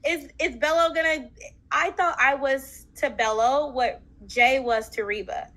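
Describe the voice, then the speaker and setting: Interview guest: woman, high and bright voice, lively casual storyteller. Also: unhurried, low-quality recording. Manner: animated, acts out quotes, many fillers.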